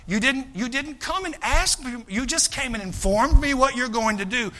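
A male pastor, preaching a folksy, animated sermon, often acting out quoted voices and repeating his starts. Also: extremely high pitch, moderate pace.

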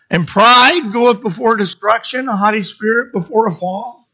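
A man preaching a sermon in a high, ringing, bright voice. He tells stories with drama, dropping into a hush and then rising loud again. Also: animated, normal speed, breathy edge. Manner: dramatic storytelling, sudden shifts from loud to hushed.

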